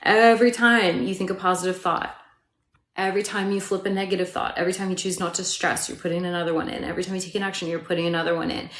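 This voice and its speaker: A woman's voice: on the low side, steady tone, quick pace, fairly bright tone. A woman coaching viewers in a casual live-stream chat, peppering her talk with "like" and "right?" and laughing often. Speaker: manifestation coach. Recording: roomy echo.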